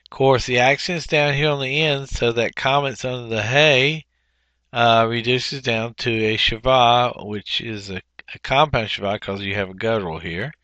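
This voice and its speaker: A man working through a language workbook as a teacher, explaining each answer slowly with frequent fillers and self-corrections. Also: mid-range voice, pushed and bright, dry recording, highs cut off. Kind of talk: workbook walkthrough lesson.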